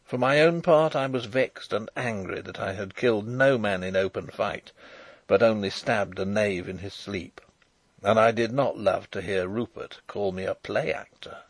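A man's voice: lowish voice, normal speed, slightly rough, no echo. Man narrating a novel aloud, dry sound. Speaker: audiobook narrator.

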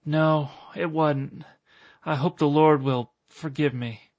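A man voicing a dying elderly village woman, stubborn and pious, who speaks slowly and feebly in strained country speech. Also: on the high side, fairly even intonation, a little mellow, no room sound. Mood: feeble.

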